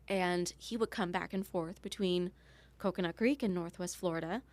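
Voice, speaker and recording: Candid woman with a lowish voice. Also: normal speed. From Canada. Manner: candid, chatty, laughs easily. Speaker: podcast guest, police officer. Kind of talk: casual interview storytelling.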